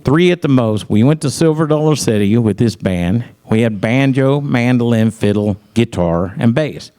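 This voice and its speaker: A man's voice: mid-range voice, expressive, normal speed, warm tone. A middle-aged man telling stories about his music career in casual talk, acting out other people's lines in raised voices and laughing often. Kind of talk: casual storytelling.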